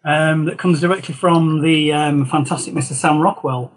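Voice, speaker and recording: A man's voice: a little high, steady tone, moderate pace, a crowd in the background, rough recording. A man from Yorkshire with a Northern English accent, telling stories as a guest in a casual interview. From Yorkshire, North England. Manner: rambling anecdotal storyteller. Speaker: guest, film concept designer.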